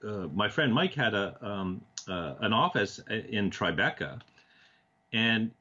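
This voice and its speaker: A man from Canada, a TV producer, telling animated stories as an interview guest, acting out quoted dialogue with frequent restarts. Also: on the low side, measured pace, lo-fi sound. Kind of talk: casual storytelling in a talk-show interview.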